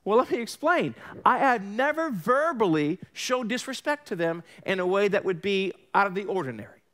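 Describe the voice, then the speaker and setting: Animated New pastor preaching. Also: male voice, sits high, normal speed. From Long Island, New York. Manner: animated storytelling, acts out quoted voices, sarcastic asides. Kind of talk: sermon.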